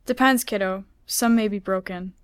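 Woman reading as a gentle old grandpa. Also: mid-range voice, moderate pace, clean tone, close to an everyday voice. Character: rugged old grandfather with bad knees.

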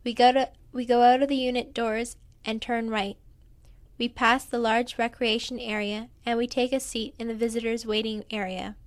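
A woman reading a first-person memoir aloud in a plain, quiet storytelling manner. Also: on the high side, little pitch movement, normal speed, no room sound. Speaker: narrator.

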